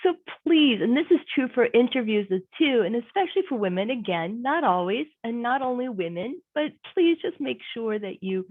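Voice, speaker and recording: A woman's voice: fairly high pitch, lively intonation, moderate pace, few pauses. A woman career coach giving an online workshop presentation, conversational and emphatic, repeating her key points. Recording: tinny phone-like audio.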